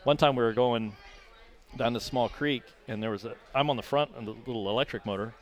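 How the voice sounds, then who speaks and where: Male podcast guest, rapid animated storyteller, mid-pitch. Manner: animated, acts out quotes with raised pitch. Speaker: podcast guest, racing driver. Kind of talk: casual storytelling.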